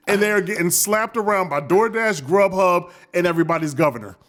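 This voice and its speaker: Male podcast co-host, emphatic and slangy, slightly high pitch. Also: brisk, a bit bright. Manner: emphatic, slangy, repeats words. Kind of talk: casual chat.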